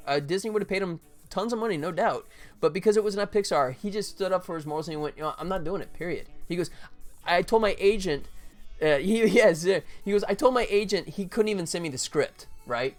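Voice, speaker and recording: Middle-aged man, slightly high voice, chatty rambling storyteller, faint music behind. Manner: rambling, many fillers and "right?" asides. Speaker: game developer streaming his work. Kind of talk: casual storytelling on a livestream.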